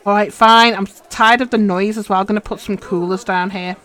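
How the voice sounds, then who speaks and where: A woman's voice: mid-range voice, fairly even intonation, a little fast, fairly bright tone. Woman, game streamer, chatty self-talk, mid voice. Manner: chatty, muttering instructions to herself while playing. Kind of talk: casual live stream commentary.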